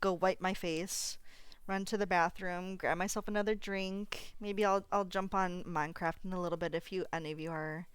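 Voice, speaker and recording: A young woman chats on her live stream in a smooth, clear voice, gushing and tripping over her words with lots of fillers. She sounds teary, right on the edge of crying. Her voice is close to the mic in a dry, dead room. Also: on the low side, fairly even intonation, normal speed, dry recording. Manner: gushing, emotional, full of fillers and restarts. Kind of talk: casual live-stream chat to viewers. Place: home apartment.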